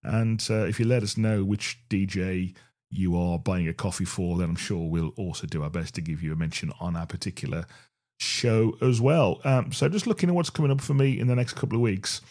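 A man's voice: low voice, brisk, a little mellow. Chatty Black Country man hosting radio. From Black Country, England. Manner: rambling, chatty, self-deprecating. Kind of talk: casual radio show chat.

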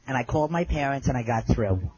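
A middle-aged man telling a personal story in an earnest way. His voice goes low and soft at the moving parts. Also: lively intonation, quick pace, breathy edge, dull audio.

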